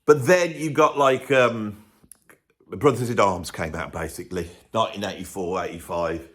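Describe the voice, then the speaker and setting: A British man hosts a music video, delivering a comic monologue to camera in a sarcastic, rambling way and often interrupting himself. His voice is lowish and his pace moderate.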